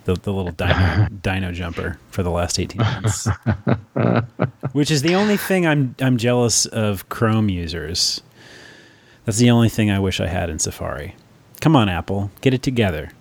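A man's voice: fairly low pitch, lively intonation, moderate pace. A man hosting a casual tech chat, rambling and correcting himself as he goes, laughing easily.

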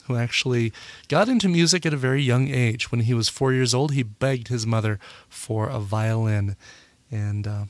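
A man hosting a music podcast in a relaxed, casual way, often pausing with "uh" and correcting himself. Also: mid-range voice, gravelly, no echo. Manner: relaxed, full of "uh" fillers and self-corrections. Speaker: podcast host. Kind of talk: casual radio-style podcast chat.

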